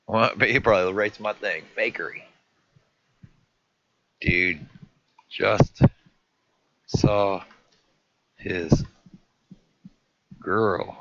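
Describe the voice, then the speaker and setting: A man's voice: on the low side, drawn-out words, pauses often, pushed and bright. A man livestreaming, animatedly reacting to and retelling video clips, swearing casually. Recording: dull lo-fi stream audio with faint noise.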